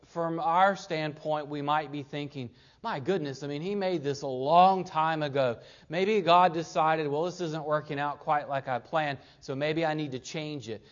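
A man's voice: fairly high pitch, dull audio. A man preaching a sermon, leading his listeners through Scripture with emphatic points and rhetorical questions. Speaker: pastor.

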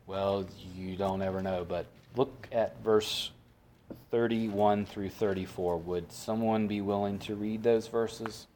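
A man's voice: lowish voice, steady tone, slow pace, dark tone, a little hiss or hum. A man teaching a Bible study in a conversational way, often asking his group questions and then answering them himself.

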